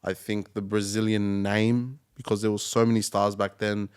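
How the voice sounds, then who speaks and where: A man's voice: fairly low pitch, little pitch movement, moderate pace, a little mellow, smooth. A man co-hosting a football podcast, earnestly explaining his points at length, tired after a long day at work. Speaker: podcast co-host. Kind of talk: casual football discussion.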